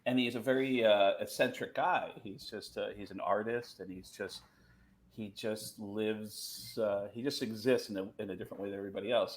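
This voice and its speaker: A male comedian telling animated anecdotes in casual chat over a video call, dropping into quick impressions. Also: on the low side. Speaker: comedian guest.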